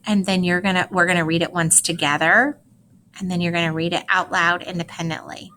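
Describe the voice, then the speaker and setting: A woman teacher gives a recorded lesson, reading short poems aloud slowly and carefully and telling students how to practice them. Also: on the low side, steady tone, bright, forceful tone, slight background noise. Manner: slow, careful, instructive read-aloud with clear phrasing.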